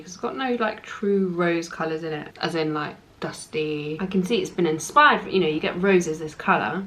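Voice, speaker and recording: A young woman chatting through a makeup tutorial, gushing about the products and often dropping into a soft whisper. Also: lowish voice, poor audio. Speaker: makeup artist.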